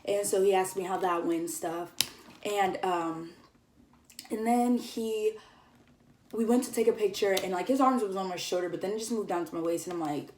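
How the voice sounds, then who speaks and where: A woman's voice: medium pitch, moderate pace, darkish tone, recorded from a distance, slight background noise. A young woman tells a casual vlog story, chatty and giggly, with lots of fillers. She sits a bit back from the mic in an echoey room. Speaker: vlogger.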